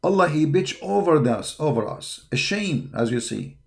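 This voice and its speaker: A man's voice: a little high, very animated, normal speed, vocal fry. A man hosting an online show, delivering a combative, impassioned monologue full of repeated words and fillers. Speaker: online apologetics show host.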